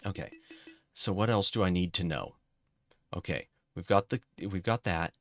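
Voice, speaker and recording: A man's voice: sits low, moderate pace, no echo, clean studio sound, faint music behind. A man streaming a video game, chatting casually and correcting himself as he plays. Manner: chatty, self-correcting, talks to chat. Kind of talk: casual gameplay commentary.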